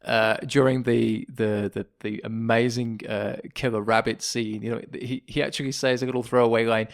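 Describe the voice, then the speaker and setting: A man's voice: medium pitch, fairly even intonation, normal speed, vocal fry. An English man co-hosting a podcast, chatting casually, laughing often and quoting lines in comic voices. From England. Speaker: podcast co-host. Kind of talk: casual chat.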